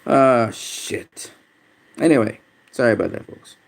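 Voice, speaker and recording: This livestream host speaks unhurriedly in a creaky, medium-pitched voice. He chats casually about boxing and reads viewer comments, swearing plenty, speaking bluntly and getting easily frustrated.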